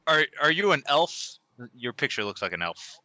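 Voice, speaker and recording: Animated low man with a sharp tone. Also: moderate pace, no echo. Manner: animated, stumbling restarts. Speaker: player. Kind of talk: casual tabletop game chat.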